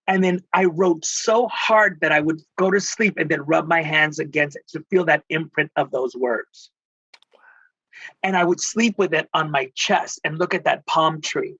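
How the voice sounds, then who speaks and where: A middle-aged man from Texas tells personal stories with feeling, tossing in Spanish endearments. His voice is bright and forward. The recording is dry and slightly dull. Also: a little high, unhurried, husky, no echo. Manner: expressive, breaks into Spanish endearments. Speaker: guest, spiritual healer and life coach. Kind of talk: emotional storytelling in conversation.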